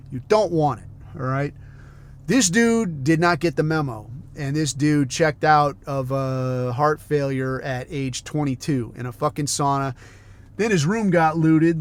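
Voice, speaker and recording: A middle-aged man hosting a podcast, telling rambling stories in a casual, heavily profane rant. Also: a little high. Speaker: podcast host.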